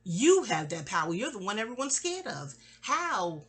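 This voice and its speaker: A woman in her forties rambles candidly through family stories, trailing off, restarting, and mimicking people in quotes. Her voice is medium-pitched, a bit bright, and husky, with big pitch swings at a normal speed.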